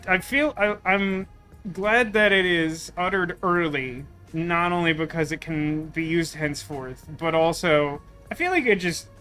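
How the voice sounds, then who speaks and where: A man's voice: on the high side, pushed and bright. A man streaming a video game, talking in a wry, rambling, sarcastic way in casual let's-play commentary.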